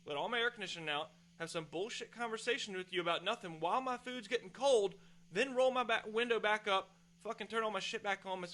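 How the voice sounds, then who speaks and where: Man, podcast host, casual rant, profane, exasperated, bright tone. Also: high-pitched, quick pace. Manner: heated, profane, exasperated storytelling. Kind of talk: casual ranting monologue.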